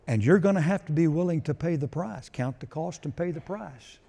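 A male pastor delivers a sermon in a slow, unhurried cadence, his voice mellow and warm. He preaches emphatically, building to loud declarations and sinking back down. The sound rings with the long reverb of a large church hall. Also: mid-range voice. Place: church sanctuary.

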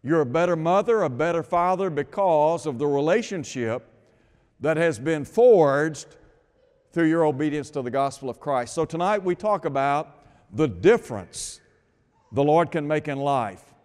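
A man's voice: on the high side, lively intonation, a little mellow, smooth. Earnest preacher man in a reverberant hall. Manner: measured, earnest preaching with emphatic stresses. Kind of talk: sermon.

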